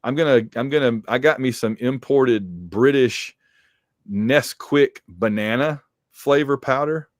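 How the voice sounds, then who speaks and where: A man's voice: medium pitch, a little slow, no echo, clean studio sound. A man co-hosting a casual podcast and reading supporter names, joking and teasing, his voice getting worn. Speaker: podcast co-host.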